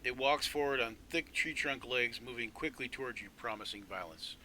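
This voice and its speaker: Man narrating a game, halting and bright. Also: mid-range voice, a little hiss or hum, rough recording. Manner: halting, lots of fillers. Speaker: game master.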